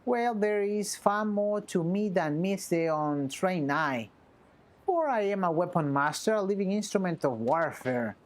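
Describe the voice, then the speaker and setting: A woman with a fairly low, animated voice reads game dialogue at a measured pace, playing a pompous self-styled nobleman in his thirties. Her delivery is haughty and archaic, with grandiose phrasing.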